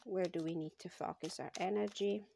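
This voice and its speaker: A woman hosting her own channel, giving a casual tarot card reading in a slow, thoughtful way with frequent pauses and fillers. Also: fairly low pitch, fairly even intonation, gravelly, mellow, slight background noise.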